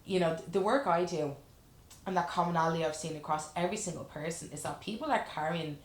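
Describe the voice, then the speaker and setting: A woman with a notably low speaking voice talks about her coaching work in an earnest, reflective way, frank enough to swear casually. The room has a noticeable echo. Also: fast talker. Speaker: life coach guest. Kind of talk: candid casual chat. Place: room in a lash salon. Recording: roomy echo.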